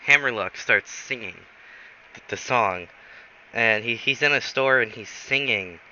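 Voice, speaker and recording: A man telling an improvised story in a rambling, halting way, in a dull lo-fi recording. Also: mid-range voice, bright, forceful tone. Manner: rambling, halting, many fillers.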